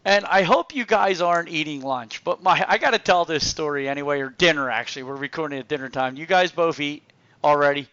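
A man hosting a casual podcast chat, an animated storyteller who laughs often. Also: a little high, fairly quick, clean tone, no echo. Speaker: podcast host. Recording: dry, dull lo-fi sound.

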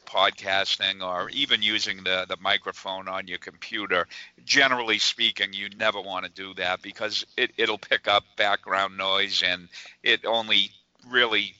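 A man co-hosting a casual podcast, explaining haltingly with many fillers. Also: on the low side, steady tone, pushed and bright, dry recording. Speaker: podcast co-host. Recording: dry, dull lo-fi sound.

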